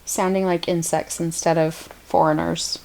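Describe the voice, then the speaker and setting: A woman's voice: fairly low pitch, little pitch movement, a little slow, gravelly, darkish tone. An American woman co-hosting a podcast, chatting casually and laughing often. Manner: giggly, chatty. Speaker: podcast co-host. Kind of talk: casual chat.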